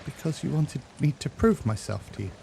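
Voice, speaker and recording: A man's voice: expressive, a little fast, vocal fry, mellow, slight background noise. A man playing a desperate, pleading young nobleman. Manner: pleading, high-strung. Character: desperate young nobleman craving his mother's love.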